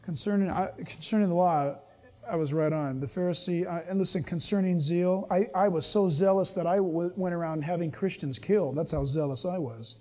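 A man's voice: high voice, fairly quick, a little mellow. A man preaching a sermon in a conversational, jokey way, acting out dialogue as he teaches.

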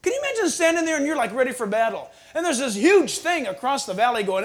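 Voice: high voice, very animated, a little fast, hardly any pauses, fairly bright tone. A preacher giving a conversational sermon, asking the congregation rhetorical questions and acting out little scenes. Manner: acts out scenes with quoted voices.

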